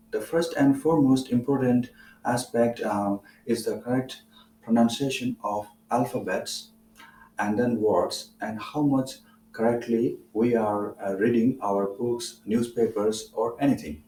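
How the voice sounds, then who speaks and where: A man with an Indian English accent giving a spoken English lesson, explaining in a measured way with many "uh" fillers. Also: mid-range voice, mellow, roomy sound, recorded from a distance, slight background noise, poor audio. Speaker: English teacher.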